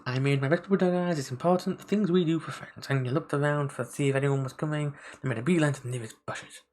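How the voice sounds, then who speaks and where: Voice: medium pitch, fast talker, few pauses, a little mellow, a little hiss or hum, rough recording. A streamer on a live game play-through, reading the story text aloud and stopping to comment, often stumbling over and restarting words.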